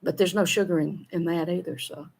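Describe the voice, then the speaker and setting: A woman's voice: fairly low pitch, fairly even intonation, brisk, gravelly, darkish tone, breathy edge. A middle-aged woman with a Southern American accent, chatting casually as a show co-host, folksy, laughing often and running her words together. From Southern United States. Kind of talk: casual chat reading viewer comments.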